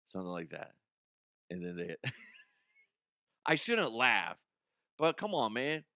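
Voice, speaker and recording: A man's voice: on the low side, sing-song, slow pace, vocal fry, pushed and bright, no room sound, studio quality. A young adult man hosting a comedy news podcast, ranting casually with swearing, laughter and mocking put-on voices.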